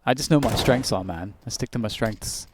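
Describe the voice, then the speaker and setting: A man's voice: medium pitch, normal speed, noisy background. A man casting an esports match in a dry, wordy, playfully grand way. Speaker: esports caster. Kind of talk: mock-grand play-by-play commentary.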